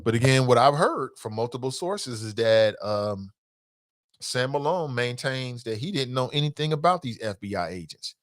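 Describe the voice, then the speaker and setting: Animated, laughing male talk show host. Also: medium pitch, normal speed. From Cincinnati area. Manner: animated, laughing, drops into quoted voices. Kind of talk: casual talk show monologue.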